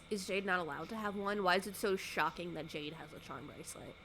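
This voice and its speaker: A woman's voice: lowish voice, brisk, hardly any pauses, slight background noise. Sarcastic woman recapping a movie. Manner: sarcastic, animated, acts out characters' lines. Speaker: YouTuber. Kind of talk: casual movie recap commentary.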